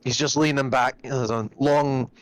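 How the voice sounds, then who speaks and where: A man's voice: medium pitch, steady tone, a little fast, no echo, low-quality recording. Rambling man, dry close sound. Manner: rambling, searching for words. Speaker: player. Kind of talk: describing his tabletop character.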